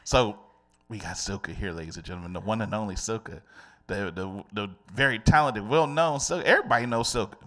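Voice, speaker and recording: A man's voice: lowish voice, fairly quick. A man hosting a radio show in casual, slangy, joking talk with a sing-song delivery. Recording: loud hip hop music behind. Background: loud hip hop music.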